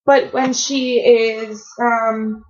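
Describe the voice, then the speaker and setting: In this emotional fan reaction vlog, a woman with a fairly high voice draws out her words while gushing about a TV episode. She rambles excitedly and trails off mid-thought, and the dull, lo-fi audio sounds like a built-in webcam mic at home.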